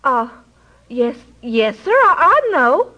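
A woman's voice: on the high side, very animated, takes it slowly, bright, forceful tone, heavily acted. A woman voicing a poor, hungry little newsboy who stammers timidly, in a storybook reading.

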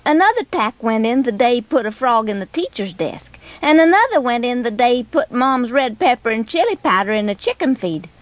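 A woman narrating a scripted children's story in an expressive, animated way. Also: a little high, a little fast, few pauses, no echo, dull audio.

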